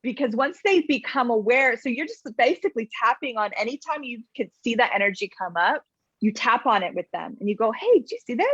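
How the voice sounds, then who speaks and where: A woman's voice: a little high, animated, brisk, a bit bright, slightly rough, no echo. A middle-aged woman speaking as a guest in casual conversation, chatty and full of "like," often acting out what people say. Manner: chatty, many "like"s, acts out quotes. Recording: slightly dull video call audio.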